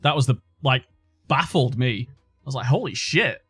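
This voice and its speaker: A man's voice: medium pitch, moderate pace, fairly bright tone, breathy edge, no echo, soft background music. A man streaming casually, sarcastic and joking, jumping between topics.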